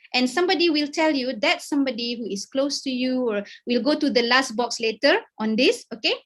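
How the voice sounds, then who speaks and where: Malaysian woman speaker, high voice, encouraging webinar lecturer, code-switches, video call. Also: animated, brisk, hardly any pauses, a bit bright. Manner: encouraging, mixes English and Malay, frequent "okay?". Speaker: guest speaker. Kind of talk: webinar talk.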